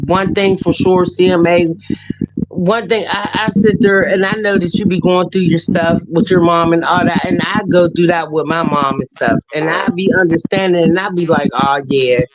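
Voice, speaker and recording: High-voiced Southern man on noisy call. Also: fairly even intonation, moderate pace. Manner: loose and profane, with frequent "sit there" filler. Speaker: caller on a live stream. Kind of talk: casual live-stream chat. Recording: heavily noisy call audio.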